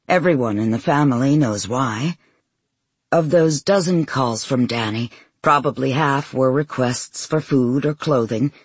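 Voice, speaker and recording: A man with a husky voice giving a measured, emotional first-person audiobook narration. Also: mid-range voice, no echo.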